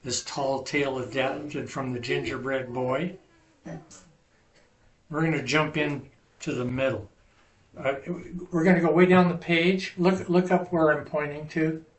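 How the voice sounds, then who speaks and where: A man's voice: on the high side, fairly even intonation, a little slow, echoey room. A man teaching a Hebrew class, patiently correcting students and explaining grammar step by step. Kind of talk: classroom language lesson.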